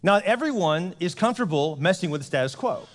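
A pastor with a high voice tells a story in a loose, joking way and keeps slipping into the characters' voices. His talk rings out with the long reverb of a church hall. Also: lively intonation, fairly quick. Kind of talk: casual comedic sermon. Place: church sanctuary.

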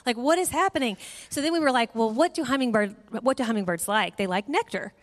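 A middle-aged woman giving a sermon, telling a family story in a lively way and acting out voices. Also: a little high, fast talker. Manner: animated storyteller, acts out voices. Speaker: guest speaker. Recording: long hall reverb.

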